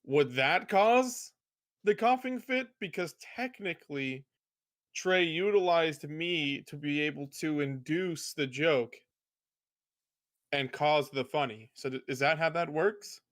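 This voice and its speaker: A man's voice: on the high side, slow, a bit bright. A man co-hosting a podcast, chatting casually and playfully telling jokes. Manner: playful, laughs at his own jokes. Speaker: podcast co-host.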